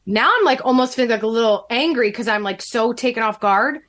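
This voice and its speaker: A woman telling a personal story on a podcast in casual chat, animated, acting out the quoted lines. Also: brisk, hardly any pauses. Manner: animated, acts out quotes with shifting pitch. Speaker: podcast guest.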